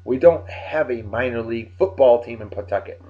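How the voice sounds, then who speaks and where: A tired man giving joking, animated shout-outs to friends in a casual vlog. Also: medium pitch, fairly quick. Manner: animated, joking sports banter. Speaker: vlog host. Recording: dull lo-fi recording.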